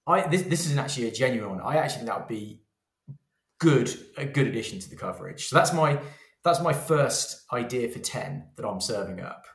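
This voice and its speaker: A man's voice: medium pitch, expressive, a little fast. Man in an echoey room. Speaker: podcast co-host. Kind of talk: casual chat. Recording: roomy echo.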